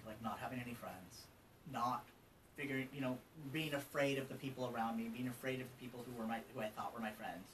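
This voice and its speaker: A man's voice: mid-range voice, expressive, moderate pace, pauses often, far from the mic, poor audio. A man of almost fifty from Colorado, a trans advocate, talking openly as an interview guest, loose and chatty with lots of ums and asides. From Colorado, USA. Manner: open and conversational, many ums and asides. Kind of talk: candid personal storytelling. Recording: from slightly off mic with faint ambient noise.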